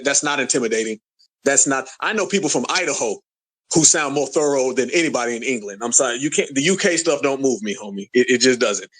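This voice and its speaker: Guy with a high voice running the chat, talking trash at a caller, keeps saying homie. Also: fairly bright tone. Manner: taunting, repeats slang like homie and family. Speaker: host. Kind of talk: mocking roast in an audio chat room.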